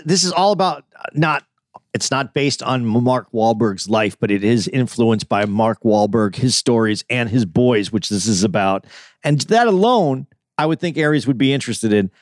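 A man's voice: medium pitch, lively intonation, moderate pace, no room sound, clean studio sound. A man co-hosting a podcast, talking with enthusiasm and rambling in casual chat. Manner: enthusiastic, rambling, restarts often. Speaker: podcast co-host.

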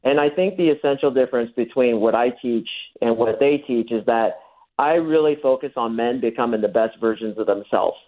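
A man's voice: medium pitch, normal speed. A man, a dating coach, explaining his methods in a radio interview, acting out the lines he uses. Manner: explains techniques, acts out quoted lines. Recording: thin phone-line sound.

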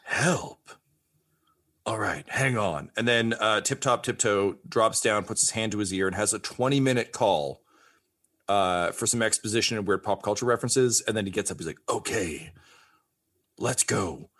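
Guy gm with a low voice, goofy playful narration of a tabletop game. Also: a little fast, a bit bright. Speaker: game master.

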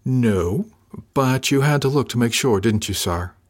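A man's voice: mid-range voice, animated, unhurried. A man voicing a wry young female ship officer who teases with a drawl in a science fiction audiobook. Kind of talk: audiobook character voice.

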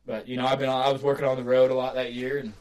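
A man casually telling a long, excited hunting story on a podcast, laughing often and getting animated. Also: medium pitch, rapid-fire.

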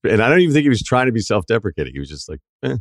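Low-voiced podcast host telling stories. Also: male voice, very fast, dry recording, studio quality. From Boston area. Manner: animated, acts out quotes, swears freely. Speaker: podcast host and longtime radio host. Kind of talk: casual storytelling chat.

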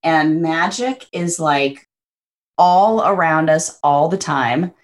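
A woman's voice: sits low, lively intonation, slow. A young adult woman chatting as a guest, bubbly and effusive, with lots of fillers. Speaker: podcast guest. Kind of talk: casual chat.

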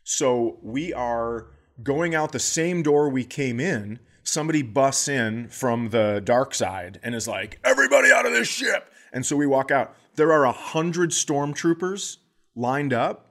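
A man's voice: mid-range voice, takes it slowly. Man telling a story. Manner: animated, acts out quoted voices. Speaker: podcast co-host. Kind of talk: casual comedic storytelling.

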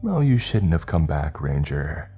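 Creepy undead old lady hissing threats, a man reading her in a really deep dark voice. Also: sing-song, unhurried, faint music behind, heavily acted. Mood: menacing. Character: old woman turned undead monster, menacing.

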